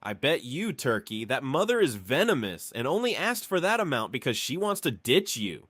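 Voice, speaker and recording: A man's voice: medium pitch, sing-song, normal speed, fairly bright tone, no room sound, studio quality. A man voicing a blunt, joking male friend in a spoken story.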